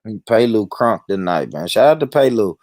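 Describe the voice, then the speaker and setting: A man's voice: lowish voice, expressive, moderate pace, heavy background noise. A man hosting a livestream, ranting in a heated, profane, repetitive way. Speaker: livestream host.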